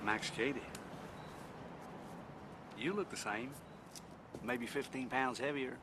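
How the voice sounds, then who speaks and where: A menacing ex-convict drawls in a put-on Southern accent, taunting and slow. He is heard in a film clip outside on a busy street, with traffic plainly audible behind him. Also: mid-range voice. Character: menacing middle-aged male ex-convict, taunting.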